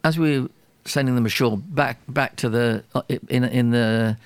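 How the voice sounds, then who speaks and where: A man, a record producer, telling a story in an interview, animated and self-deprecating, with frequent restarts. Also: mid-range voice, moderate pace, no room sound. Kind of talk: anecdotal storytelling in a radio interview.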